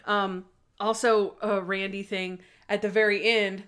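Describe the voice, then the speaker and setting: A woman co-hosting a podcast, talking casually about a TV episode she watched. She tells it in an animated way, sprinkling in "like" and slipping into bits of the scenes as she goes. Her voice sits at an ordinary middle pitch for a woman. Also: a little slow, clean tone. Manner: animated retelling with many "like"s, acting out scenes. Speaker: podcast co-host. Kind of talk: casual chat recapping a TV episode.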